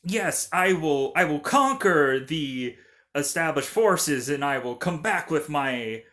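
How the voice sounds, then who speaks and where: A man's voice: fairly high pitch, animated, takes it slowly, sharp tone, exaggerated voice. A man mocking a pompous movie hero. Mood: grandiose. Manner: stiff, overly formal declaiming. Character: pompous male movie hero making grand vows.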